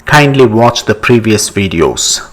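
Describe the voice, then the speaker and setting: A man with an Indian English accent teaching a slow, step-by-step language lesson, spelling out words letter by letter and repeating each pronunciation several times. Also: fairly low pitch, animated, a bit bright.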